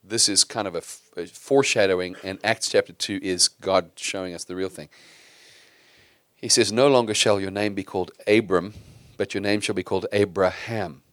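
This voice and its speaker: Male pastor, middle-aged, low voice, dry close sound, chatty sermon full of rhetorical questions. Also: fairly even intonation, moderate pace, a bit bright, no echo. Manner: conversational preaching with rhetorical questions.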